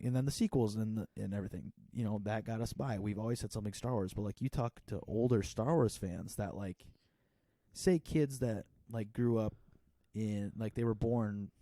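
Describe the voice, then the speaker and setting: A man's voice: fairly low pitch, moderate pace, mellow, no room sound. A man in his twenties co-hosting a podcast in a casual, rambling chat full of filler words. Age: 20s. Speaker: podcast co-host.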